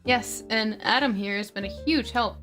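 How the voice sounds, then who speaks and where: A cheeky young male bee, read out by a woman in a plain, unhurried reading voice. The voice sits a bit high. Faint music plays underneath. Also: fairly bright tone, close to an everyday voice. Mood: deadpan.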